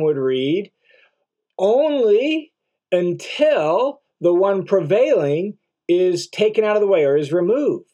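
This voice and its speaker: A man's voice: on the high side, darkish tone. A middle-aged man teaching through a Bible passage verse by verse, explaining word meanings and repeating key phrases, often checking in with "right?".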